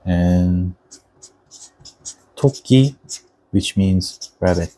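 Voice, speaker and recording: A man's voice: on the low side, mellow, poor audio. A young man whose first language is Korean, patiently explaining the Korean alphabet in a lesson. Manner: patient, deliberate, models Korean words slowly.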